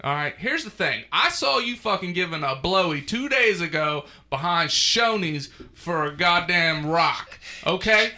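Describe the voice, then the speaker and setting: A man co-hosting a podcast, ranting loudly and crudely through a countdown list. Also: on the high side, a little slow, few pauses. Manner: loud, crude, animated ranting. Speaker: podcast co-host. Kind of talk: casual profane chat.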